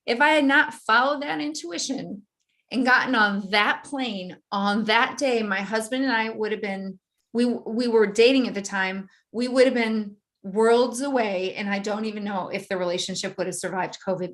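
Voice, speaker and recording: A woman guest in an interview, telling a personal story in a vivid, animated way and often laughing. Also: medium pitch, moderate pace.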